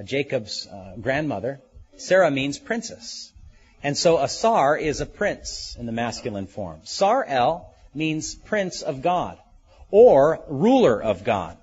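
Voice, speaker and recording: A man preaching a sermon in a husky, slightly breathy voice, earnest and deliberate. He lingers on key words and lets them settle. The recording sounds dull and lo-fi. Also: medium pitch, a little mellow. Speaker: pastor. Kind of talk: expository sermon.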